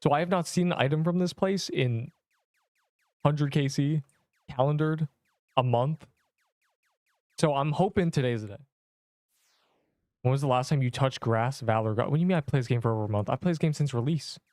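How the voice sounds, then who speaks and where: A man's voice: mid-range voice, normal speed, pauses often, darkish tone, no echo, studio quality. A man live-streaming a game, chatting playfully with viewers and joking at his own expense. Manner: playful and self-mocking, reacting to chat. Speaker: streamer playing an online game.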